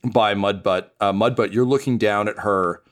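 Brief: male game master, lowish voice, halting, crude, lots of ums. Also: steady tone. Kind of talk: narrating a tabletop game.

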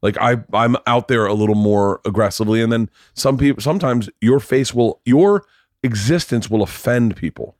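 A middle-aged man telling stories in a casual podcast chat, acting out the other people's voices. His voice sits at an ordinary pitch, and the close mic keeps the sound dry. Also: normal speed, dry recording. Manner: animated storyteller, acts out quoted voices, swears freely. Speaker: podcast guest, husband of host.

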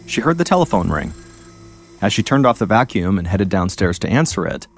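A man hosting a podcast, telling a true-crime story in a measured, suspenseful scripted narration. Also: fairly low pitch. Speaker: podcast host.

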